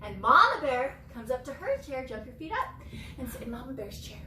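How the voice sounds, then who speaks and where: Animated sing-song yoga teacher woman. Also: high-pitched, fairly quick, slight background noise. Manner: expressive, sing-song, with gasps and whispers. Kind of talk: storytelling yoga lesson for children. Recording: roomy, from far off.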